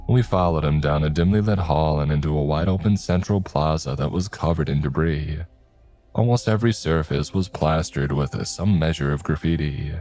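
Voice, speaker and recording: A man narrating a scripted horror story in a steady, measured way. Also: very deep voice. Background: faint music.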